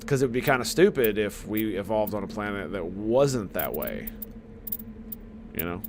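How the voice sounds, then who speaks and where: A man's voice: on the low side, lively intonation, moderate pace, noisy background. A man in his thirties chatting casually and joking with viewers while playing a video game. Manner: rambling, jokey, talks to viewers. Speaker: gaming streamer. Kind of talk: casual let's-play commentary.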